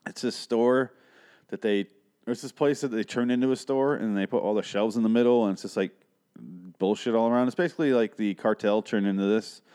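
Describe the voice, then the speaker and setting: A man's voice: fairly low pitch, darkish tone, smooth. Rambling, profane man recapping a show. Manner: rambling, profane, sarcastic asides. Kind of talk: casual episode recap and rant.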